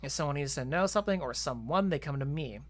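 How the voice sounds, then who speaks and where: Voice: medium pitch, lively intonation, quick pace, natural voice. A gamer reading the lines of a short male alien merchant who works as a shrewd information broker, in a near-plain voice. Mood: calm.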